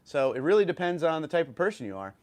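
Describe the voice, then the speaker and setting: A man's voice: on the high side, very animated, fast. A man with a New York accent hosting a casual livestream, reading viewer comments and chatting loosely with fillers and restarts. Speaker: livestream host.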